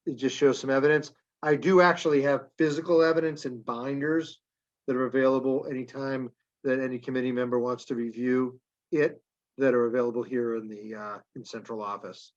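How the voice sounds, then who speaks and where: A man reporting to a school committee at a public meeting, halting with many fillers and restarts, his voice wearing out. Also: medium pitch, fairly even intonation. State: losing his voice. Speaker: school superintendent. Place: town meeting room. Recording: dull lo-fi meeting recording.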